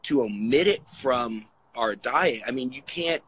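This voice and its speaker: A man's voice: mid-range voice, a little slow, a little hiss or hum, poor audio. A man, a fitness coach, talking casually in an interview, rambling and acting out what other people said. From Italian heritage. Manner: rambling, animated storytelling with acted-out quotes. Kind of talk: conversational interview.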